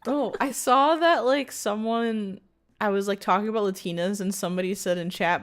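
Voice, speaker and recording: A woman's voice: medium pitch, moderate pace, noisy background. A young woman co-streaming, chatting casually and teasing playfully. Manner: playful, teasing, tosses in joke voices. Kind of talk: casual chat.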